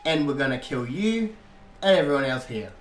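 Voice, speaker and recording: A man's voice: medium pitch, lively intonation, normal speed, natural voice. A man voicing a cocky, sarcastic male biker vampire hunter in a mocking, taunting manner. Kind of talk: audiobook character reading. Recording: echoey room, faint guitar music.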